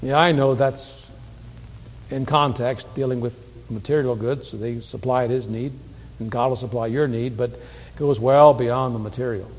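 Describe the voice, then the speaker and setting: A man preaching a sermon, earnest, moving from hushed, tender passages to loud, emphatic declarations. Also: mid-range voice, fairly even intonation, normal speed. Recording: long hall reverb.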